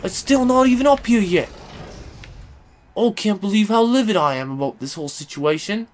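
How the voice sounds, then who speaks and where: A man doing angry let's-play commentary, swearing constantly and swinging between yelling and grumbling. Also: high voice, animated, normal speed, a little hiss or hum. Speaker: gaming video host.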